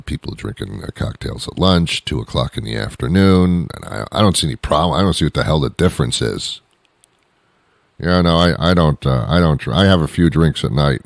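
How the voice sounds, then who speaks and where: Deep-voiced man in a rambling rant. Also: gravelly, no echo. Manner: rambling, exasperated ranting with restarts. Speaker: radio show host. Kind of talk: comedic monologue.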